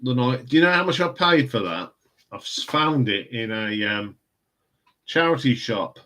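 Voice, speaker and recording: A man's voice: medium pitch, expressive, moderate pace, bright, forceful tone. A man hosting a live stream, chatting casually about records and answering viewer comments in a rambling way. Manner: chatty, rambling, chuckles often.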